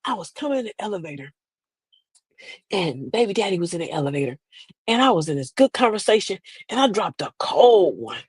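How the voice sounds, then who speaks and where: Lively older woman chatting sassily. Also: on the low side, brisk, husky, dry recording. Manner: sassy, preachy, lively asides with laughs. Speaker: host. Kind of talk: casual comedic storytelling to an online audience.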